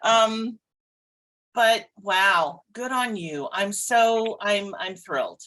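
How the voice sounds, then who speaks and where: Animated, laughing woman psychic on a podcast. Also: medium pitch, drawn-out words, rough recording. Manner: animated and expressive, laughs often, swears casually. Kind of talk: casual conversational podcast chat.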